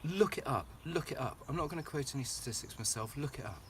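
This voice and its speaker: A man's voice: medium pitch, lively intonation, fast, background noise. A man giving a passionate, emotional walking tour of his plant nursery, talking to camera outdoors.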